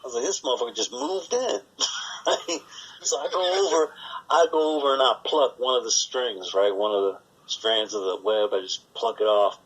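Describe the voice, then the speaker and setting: A man's voice: fairly low pitch, fairly even intonation, moderate pace, a bit bright, poor audio. A man co-hosting a podcast, rambling through work stories in casual, profane chat and acting out the voices of the people in them. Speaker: podcast co-host.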